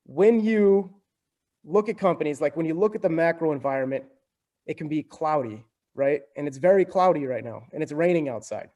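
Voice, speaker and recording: On a podcast, a young man chats through explanations in a casual, talkative way, frequently adding "right?" and "like." His fairly high voice is expressive and mellow, moving at a normal speed.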